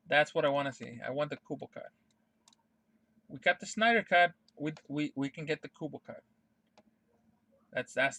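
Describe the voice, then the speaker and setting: Bright high-voiced man ranting, heavy swearing. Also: dry recording. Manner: profane, emphatic, repeats himself. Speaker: streamer. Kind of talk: casual ranting monologue.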